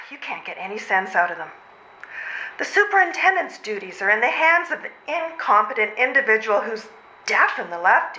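A woman's voice: mid-range voice, sharp tone. A woman playing a frazzled, breathless civil servant mother. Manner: overwrought, exclaiming, sighing. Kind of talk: readers' theatre stage comedy. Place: old train station before a live audience. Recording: roomy hall sound.

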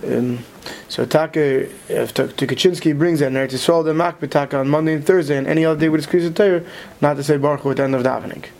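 A man teaching a study class, talking quickly and checking in with "right?" as he explains. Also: fairly high pitch, creaky, darkish tone. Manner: quick, mixes Hebrew terms into English, many "right?" checks. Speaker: Torah teacher. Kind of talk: Talmudic study lecture.

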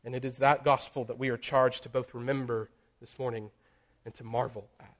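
Man, preacher, sermon delivery, mid-range pitch, swells loud on lists, hushes on key lines. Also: level tone. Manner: builds in pitch and volume on emphatic lists; slows and drops very soft on key phrases.

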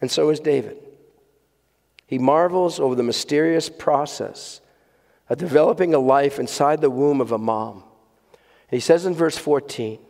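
Male pastor, earnest sermon delivery, stresses and repeats words, slightly high voice. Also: lively intonation, moderate pace, darkish tone. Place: church sanctuary with congregation. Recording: long hall reverb.

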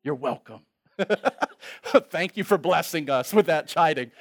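A male pastor preaching a sermon with humor, moving between loud exhortation and quiet, reflective asides. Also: on the high side, measured pace.

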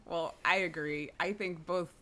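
A woman's voice: fairly low pitch, steady tone, measured pace, sharp tone. A woman hosting a podcast, chatting casually with guests, often laughing and using fillers. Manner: giggly, frequent laughs and fillers. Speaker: podcast host.

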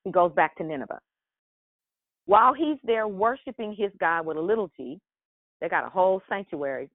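A woman's voice: lowish voice, animated, normal speed, no room sound. A woman hosting a morning leadership devotional, preaching with fervent repeated exhortations and chatty asides where she corrects herself. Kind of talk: preaching sermon. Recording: dry, phone-like line.

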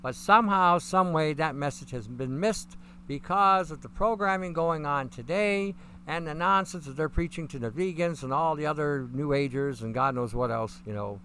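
A middle-aged man hosts a live stream, answering chat questions in a rambling, folksy way. His voice sits a little higher than most men's. A faint hiss stays under the talk. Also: normal speed, fairly bright tone.

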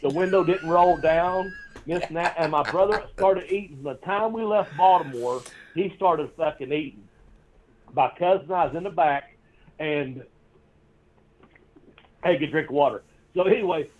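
A man with a slightly high voice tells a rambling, swear-filled story, laughing as he goes. The audio sounds dull and lo-fi. He talks casually, like a guest on a chat show. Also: a little mellow. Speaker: guest, former pro wrestler.

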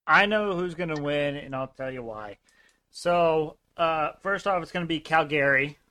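A man's voice: on the high side, lively intonation, moderate pace, bright, forceful tone. A man co-hosting a podcast in a laid-back, hesitant way, chatting casually about hockey and betting. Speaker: podcast co-host. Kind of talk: casual sports betting chat.

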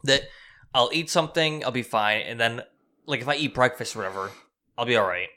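A young man with a bright, forceful tone co-hosts a relaxed podcast. He agrees easily and swears offhandedly as he tells stories. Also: medium pitch, fairly quick. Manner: laid-back, agreeable, swears casually. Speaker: podcast co-host. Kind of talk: casual podcast chat.

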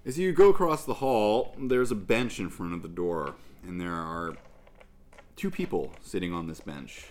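A man narrating a tabletop game as game master, relaxed and descriptive. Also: low voice, normal speed.

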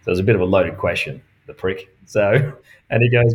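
Laid-back man, lowish voice. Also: fairly quick. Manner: animated, acts out quoted dialogue, laughs often. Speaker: golf professional. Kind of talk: casual storytelling chat.

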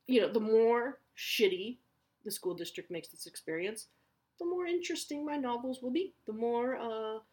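A woman's voice: fairly high pitch, moderate pace, a little mellow. A woman, chatting candidly and swearing freely about her kids and her writing. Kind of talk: casual personal chat.

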